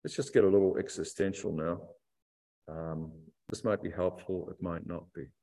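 A man preaching a sermon to a church congregation, reflective and emphatic, stretching key phrases out slowly. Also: low voice, steady tone, gravelly, mellow. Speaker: pastor.

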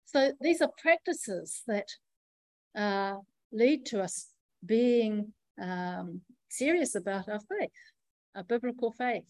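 A woman preacher giving a sermon in a measured, reflective teaching manner, pausing often as she explains. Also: mid-range voice, expressive, dry recording, poor audio.

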